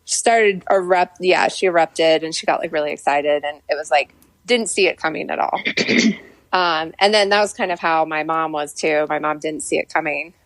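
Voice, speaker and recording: A pregnant young woman co-hosting a podcast, chatting and telling a family story in an animated way. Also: deep voice, normal speed, no echo. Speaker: podcast co-host. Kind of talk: casual chat.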